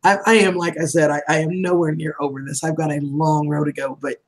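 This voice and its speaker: A livestream host talks briskly in a low-pitched, steady voice, chatting casually and frequently laughing as her voice wears down. The audio is poor.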